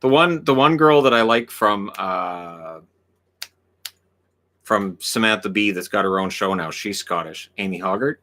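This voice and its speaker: A man's voice: fairly low pitch, measured pace, pushed and bright. A Canadian man hosting a livestream in casual chat, joking and playful, often slipping into silly voices. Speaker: livestream host.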